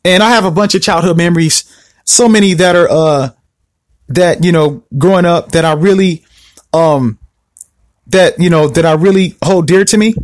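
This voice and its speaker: High-voiced man ranting on a podcast. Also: moderate pace, no room sound. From Southern California. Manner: animated, repetitive, confrontational. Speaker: podcast host. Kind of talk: solo podcast rant.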